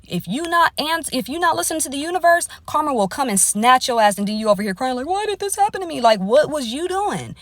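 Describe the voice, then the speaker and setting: A woman's voice: high voice, animated, brisk, hardly any pauses, no echo. A woman astrologer talking on a livestream from inside her parked car, lecturing bluntly with plenty of swearing and tough love. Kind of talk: casual livestream monologue.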